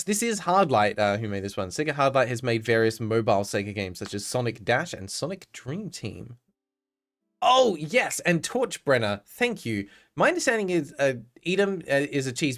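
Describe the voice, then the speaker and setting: A man's voice: medium pitch, fairly bright tone. An Australian man chatting casually on a live stream, laughing often and answering his chat.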